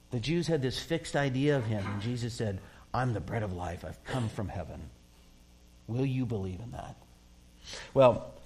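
A man's voice: mid-range voice, a little mellow, slightly rough. A man preaching a sermon as a pastor, in a conversational way, acting out quoted voices and often laughing.

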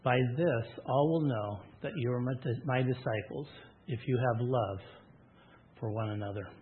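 A man's voice: mid-range voice, measured pace, narrow, tinny audio, slight background noise. Guy reading bible passages in a sermon and chatting about them, sounds like over a phone. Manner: reads scripture then comments in a casual aside. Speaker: preacher. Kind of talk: sermon reading scripture with comments.

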